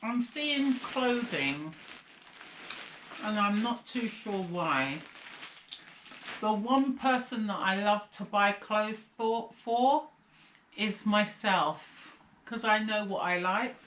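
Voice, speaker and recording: A woman's voice: medium pitch, lively intonation, slow pace, pauses often, reverberant, background noise. A woman from the UK chatting casually through a haul vlog, sounding tired and rambling, with a slight cold coming on. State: slight cold, sucking a lozenge. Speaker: vlogger. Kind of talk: casual chat.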